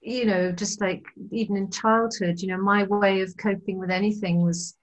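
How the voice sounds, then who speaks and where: A woman's voice: medium pitch, fairly even intonation, moderate pace, lo-fi sound. Chatty woman musician. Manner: rambling, self-deprecating, laughs often. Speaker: musician and actor, guest. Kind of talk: casual interview chat.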